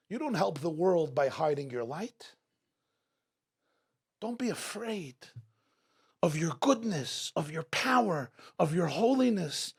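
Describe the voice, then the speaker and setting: A man's voice: fairly high pitch, big pitch swings, takes it slowly, creaky, long pauses, husky. A man giving an inspirational talk at a community gathering, rhetorical and repeating his questions for emphasis. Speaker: speaker at a religious gathering. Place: community event hall.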